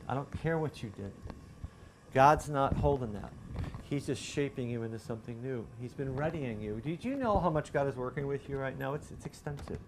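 A man's voice: medium pitch, background noise. A middle-aged man, preaching a sermon in a loose, conversational storytelling way, often restarting his sentences. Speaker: pastor.

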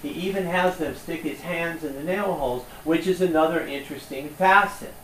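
A man preaching a sermon with passion, swinging between quiet reflection and emphatic, rising peaks. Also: a little high, normal speed, slight background noise. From United States. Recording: echoey room from far off.

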